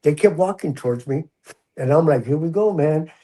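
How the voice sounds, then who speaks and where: A husky, mellow-toned older man tells his story as a guest in a relaxed interview. He talks in a slightly higher register and acts out the lines of the people in his story. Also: moderate pace, poor audio. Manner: animated, acts out the quoted voices. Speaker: guest, retired prison officer. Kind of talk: casual storytelling in a podcast interview.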